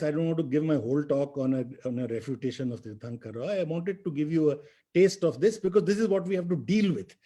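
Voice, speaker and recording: An older history professor delivers a public lecture, pressing his points with emphatic rhetorical asides. His voice is husky and mellow, set a little high for a man. He keeps checking in with his listeners with quick tag questions. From India.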